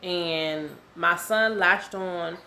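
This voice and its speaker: Young woman, low voice, chatty storytelling, faint background noise. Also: very slow, sharp tone. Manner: chatty, repeats herself, lots of "um" and "y'all". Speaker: vlogger. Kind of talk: casual storytelling to camera.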